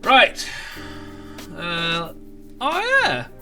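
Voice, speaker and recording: A man's voice: high-pitched, huge pitch swings, very slow, bright, forceful tone, faint music behind. A man ranting sarcastically in an online commentary video, with stumbling restarts. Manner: sarcastic, mocking, rambling. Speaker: political commentator.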